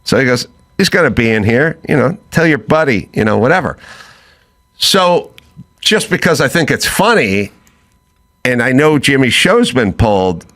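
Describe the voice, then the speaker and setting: A middle-aged man hosting a chat show, telling a story in a loose, animated way and acting out both sides of the quoted talk. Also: medium pitch, normal speed. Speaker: podcast host.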